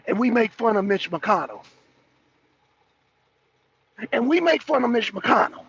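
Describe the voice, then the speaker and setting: Guy with a real high gravelly voice going off on a profane rant, lo-fi stream audio. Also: big pitch swings, fairly quick. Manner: loud, profane, repetitive ranting; breaks into laughter. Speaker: political talk show panelist. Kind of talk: heated political rant.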